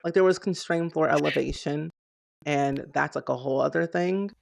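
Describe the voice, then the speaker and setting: A man's voice: a little high, moderate pace, vocal fry. A man hosting a casual interview, enthusiastic and peppering his questions with "like". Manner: enthusiastic, heavy use of "like". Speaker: podcast host.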